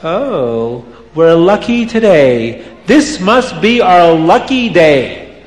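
A man's voice: high voice, very animated, slow, exaggerated voice. A man putting on a pair of gleeful scheming witches. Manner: gleeful, taunting, boastful. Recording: roomy hall reverb.

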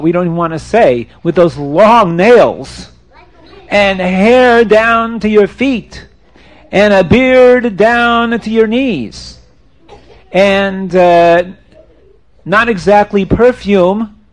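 A man telling a story aloud in an animated way, asking his listeners questions. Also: sits high.

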